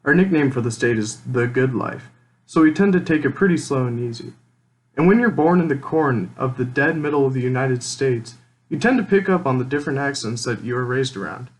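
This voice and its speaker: A young man from Nebraska with a Midwestern accent tinged with Minnesotan, reading a relaxed, plainspoken scripted narration for a college class. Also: mid-range voice, a little fast, rough recording. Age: young adult. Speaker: college student.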